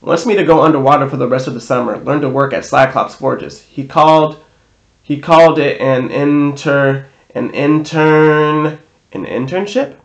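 A man voicing a gentle, childlike young male cyclops who speaks in simple, halting phrases. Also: a little high, creaky. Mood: earnest. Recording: roomy echo.

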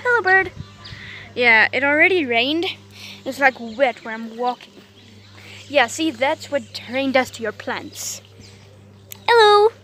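A woman chats through a casual vlog at an unhurried pace, wandering from one thought to the next. She coos at her dogs between remarks as she walks around the garden outdoors. Her voice sits high, with a faint hum of the outdoors behind her. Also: a bit bright. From South Africa. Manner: rambling and chatty, cooing at her dogs. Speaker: vlogger.

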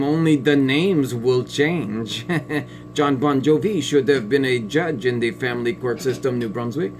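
Man putting on a smug woman judge, pompous, condescending, slightly high voice, satirical sketch. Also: a little hiss or hum. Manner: pompous, condescending, drawn-out sneering pauses. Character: smug biased female family court judge. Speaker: comedic sketch performer.

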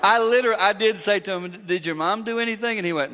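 A middle-aged man preaching a storytelling sermon in a church, animated and acting out family dialogue. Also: high-pitched, fast talker, few pauses, noisy background. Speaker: guest preacher. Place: church sanctuary. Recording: long echo of a church hall.

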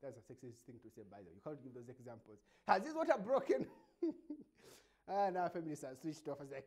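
A Ugandan man with a Ugandan English accent riffs through a comedic monologue as host. His pitch leaps around a lot and there is a gravelly fry in his voice. He laughs often and keeps a mocking edge. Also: huge pitch swings, a little fast, a little mellow. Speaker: show host.

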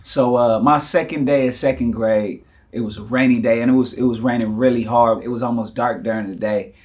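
A young man, telling lively stories to the camera and acting out voices and punches. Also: mid-range voice, fairly quick. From United States. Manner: animated, acts out quotes and punches with sound effects. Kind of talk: casual storytelling.

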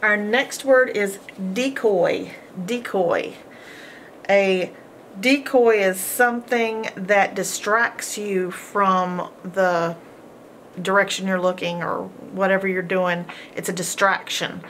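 Patient teacher, woman, slow and deliberate, spells words sound by sound, faint hiss behind. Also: mid-range voice, fairly even intonation, a bit bright. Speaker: homeschool teacher. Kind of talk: phonics lesson.

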